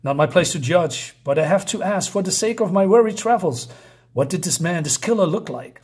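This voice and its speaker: A man's voice: high-pitched, animated, brisk, darkish tone, breathy edge. A man voicing a cold, falsely courteous male pilgrim from a comic in his own everyday voice. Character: cold, polite wandering male pilgrim killer.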